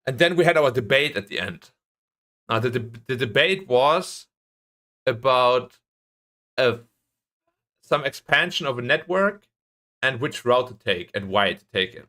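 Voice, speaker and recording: A young man streaming, chatting casually about a training day and ranting with frequent swearing. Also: mid-range voice. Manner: animated ranting, swears, voice jumps up when annoyed. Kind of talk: casual chat.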